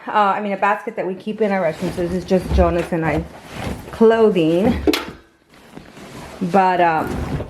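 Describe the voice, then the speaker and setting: A woman's voice: on the low side, a little mellow, a little hiss or hum. Chatty woman vlogging at home. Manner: chatty, rambling with restarts, baby-talk to her pets. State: a little out of breath. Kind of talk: casual home vlog chat. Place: home indoors. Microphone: handheld camera.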